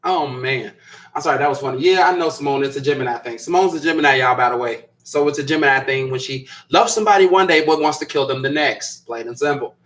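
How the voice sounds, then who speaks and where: A man's voice: mid-range voice, quick pace, fairly bright tone, poor audio. A man hosting a live stream, chatting casually as he reads viewer comments, rambling, repeating himself and laughing often. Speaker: host of a live stream show.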